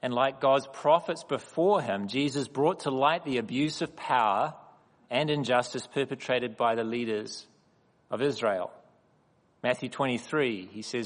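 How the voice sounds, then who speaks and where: A man preaches with measured emphasis, letting each phrase land before the next. His voice sits at an ordinary middle pitch. The sound carries a long reverb from a large hall. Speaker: guest speaker at a church. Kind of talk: sermon with personal stories.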